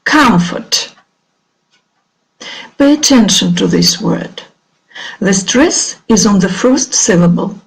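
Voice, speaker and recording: A middle-aged woman teacher with a Russian accent leads an online English lesson at an unhurried pace. Her fairly high voice swoops up and down as she drills each word. A gravelly fry creeps into her speech. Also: darkish tone, poor audio. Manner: slow, clear teacherly delivery, drawing out words for pupils to repeat.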